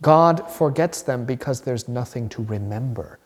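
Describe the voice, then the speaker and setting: A man's voice: medium pitch, animated, moderate pace, breathy edge. Man preaching in a reverberant hall. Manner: conversational, acts out voices in his examples. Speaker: pastor teaching a class. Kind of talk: informal teaching sermon.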